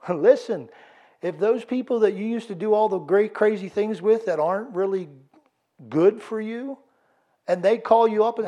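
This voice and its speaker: A man's voice: high-pitched, normal speed, dark tone, dull audio. A man preaching a sermon as pastor, firing rhetorical questions and building in intensity. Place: church.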